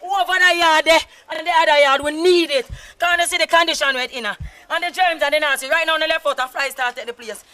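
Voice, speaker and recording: A man with a Jamaican accent, a flood-hit resident loudly pleading and repeating his demands. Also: very high-pitched, steady tone, quick pace. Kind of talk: street interview complaint.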